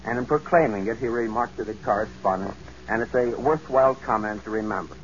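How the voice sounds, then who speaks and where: Male radio correspondent, formal and measured, muffled old broadcast sound. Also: on the low side, slight background noise. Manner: formal, measured reporting with occasional slips. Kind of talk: 1940s live radio news report.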